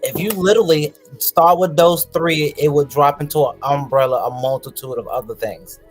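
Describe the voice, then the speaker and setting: A man's voice: on the high side, moderate pace, husky, soft background music. A man speaking as a talk show guest, laughing often and talking loosely with restarts. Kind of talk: casual panel discussion.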